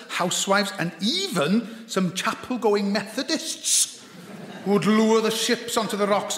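A man's voice: sits high, a bit bright, a little hiss or hum. A man telling comic stories, with wry, dry asides. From Anglesey, Wales. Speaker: comedian host. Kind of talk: stand-up comic storytelling. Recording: echoey hall with long reverb.

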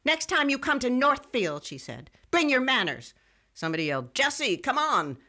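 A wry, self-mocking young radio writer, telling her own story in scripted first-person narration. Her voice is bright and forward, and she tends to wander off into digressions. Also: sits high, big pitch swings, moderate pace, exaggerated voice.

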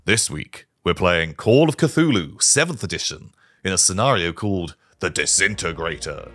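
A man running a tabletop horror game as host, with a lowish voice and a theatrical, enthusiastic delivery. Faint music plays under him. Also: expressive, a little slow, a bit bright. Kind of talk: scripted intro then hosting a tabletop game.

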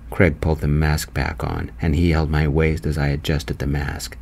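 A man narrating his own romance story in a gentle, slow, soft-spoken voice. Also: extremely low pitch, flat delivery.

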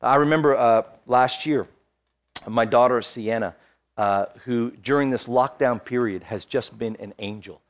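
A man's voice: medium pitch, measured pace. Fervent preaching pastor, a man. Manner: personal storytelling, rising to fervent preaching. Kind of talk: sermon. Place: church, streamed online.

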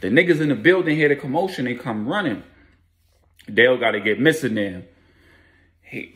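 A man telling a story casually in street slang, animated and adding sound effects. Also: mid-range voice, brisk, long pauses.

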